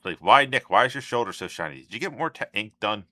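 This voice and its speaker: A man with a very low voice and a bright, forceful edge comments on a video as he watches it. He thinks out loud, trails off and jumps in with casual asides. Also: lively intonation, fast talker, no room sound. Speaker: reaction channel host.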